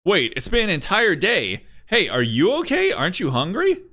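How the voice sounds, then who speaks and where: A man reading as an easygoing young hero in a game, chatty and friendly. The voice jumps around with lively pitch. It sounds close to a casual, natural read. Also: normal speed, heavily acted. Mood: worried.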